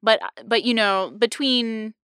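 A young woman hosting a casual podcast chat, animated and quick to laugh, with lots of restarts. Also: fairly high pitch, clear, resonant tone, no echo, clean studio sound. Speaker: podcast host.

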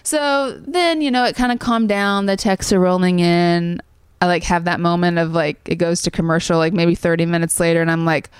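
A woman's voice: lowish voice, fairly even intonation, fairly quick, clean tone, no echo, studio quality. A woman in her thirties, a songwriter guest, telling a personal story in a rambling way with lots of fillers. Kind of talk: conversational storytelling.

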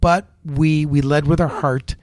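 A man's voice: on the high side, a little slow, no echo. Man telling restaurant stories, dry close sound. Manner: animated, acts out the people in his stories. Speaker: restaurateur and chef guest. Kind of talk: storytelling interview.

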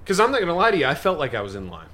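A man co-hosting a comedic talk show, speaking with theatrical, mock-grave indignation. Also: rapid-fire. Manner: theatrical, mock-grave, animated pitch swings. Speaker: podcast co-host.

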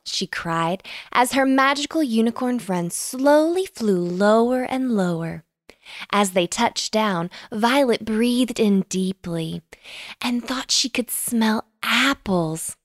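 A woman narrating a bedtime story in an animated, expressive way. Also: mid-range voice, slow, no room sound, studio quality.

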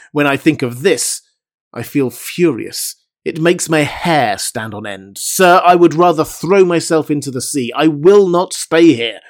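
A man reads as an impatient, homesick sailor who pushes hard and bluntly to get away. The pitch is slightly raised over the plain narration. It is a storybook reading. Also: natural voice. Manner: blunt and fretful. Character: homesick, impatient male Canadian harpooner.

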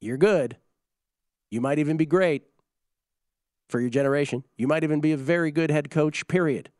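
A man's voice: on the high side, normal speed, a little mellow, no room sound, studio quality. A man hosting sports talk radio, wry and mock-incredulous as he banters with his co-host.

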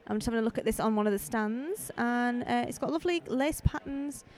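A high-voiced woman hosts a live podcast while strolling between outdoor stalls. She talks into a handheld mic in a chatty, rambling way and keeps throwing in friendly asides. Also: a little fast, a little mellow. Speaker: podcast host. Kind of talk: casual live walkabout podcast. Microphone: handheld microphone.

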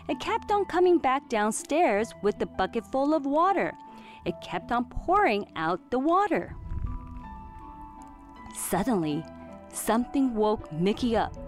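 Woman storybook reader, high and sing-song, unhurried, clear diction. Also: soft background music. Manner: expressive, clearly enunciated reading. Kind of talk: children's storybook read-aloud.

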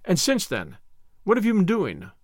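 A man voicing a grave older male lawyer who speaks in a measured, dry way with clipped questions. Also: sits high, wildly swooping pitch, no echo, pitched above the performer's own voice, exaggerated voice.

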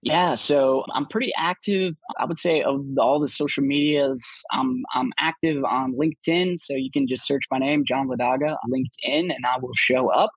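A man's voice: medium pitch, moderate pace, hardly any pauses, slightly rough, no room sound, poor audio. A man, a startup founder being interviewed, answering in an upbeat casual way with many restarts and fillers.

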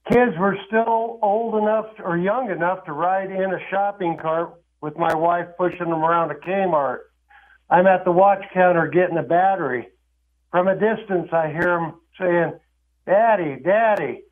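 A man calling into a radio show who tells a family story in a plain, matter-of-fact way. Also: high voice. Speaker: caller. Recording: tinny phone line.

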